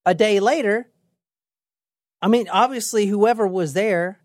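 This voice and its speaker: A young adult woman hosting a casual true crime podcast, telling the story in a lively, chatty way with swearing and acted-out quotes. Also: mid-range voice, a little slow, dry recording, clean studio sound. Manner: lively, swearing, laughs often, acts out quotes. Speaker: podcast host.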